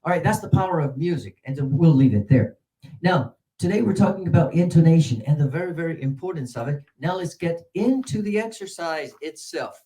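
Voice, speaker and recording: An older American man teaching English pronunciation, drawing out example words and swinging between loud and soft. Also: a little high, expressive, brisk.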